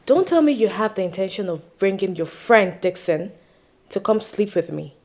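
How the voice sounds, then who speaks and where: A woman's voice: medium pitch, sing-song, moderate pace, a little mellow. A teasing young Nigerian girlfriend. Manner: teasing, laughing. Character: young woman teasing her boyfriend.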